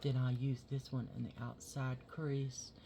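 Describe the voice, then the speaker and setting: A man talks to his viewers at an unhurried pace as he does his makeup, loose and full of swearing. He drops to a near-whisper while he blends. A steady hiss of background noise sits under his voice. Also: medium pitch, creaky. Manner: chatty and profane, talks straight to viewers. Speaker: makeup vlogger. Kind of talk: casual chat while doing makeup.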